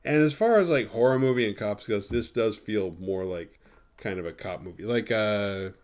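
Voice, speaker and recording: A man's voice: on the low side, moderate pace, a little mellow. Podcast host, man, casual profane movie recap, sarcastic asides, rambles.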